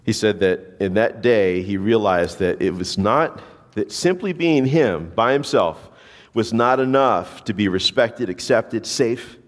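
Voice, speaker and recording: A man's voice: fairly low pitch, lively intonation, measured pace, big-room sound. A man preaching a sermon, telling a story and acting out the voices of the people in it. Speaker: pastor.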